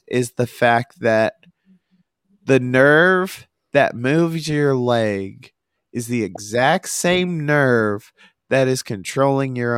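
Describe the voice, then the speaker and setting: Male podcast host, slow and halting, dry close sound. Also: mid-range voice, clean tone, dry recording. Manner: halting, loses his train of thought. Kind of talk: casual chat.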